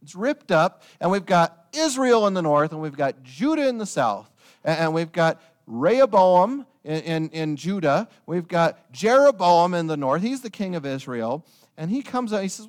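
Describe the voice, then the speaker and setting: A man preaching a sermon, retelling a story with lively storytelling and joking asides to his listeners. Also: high-pitched, moderate pace.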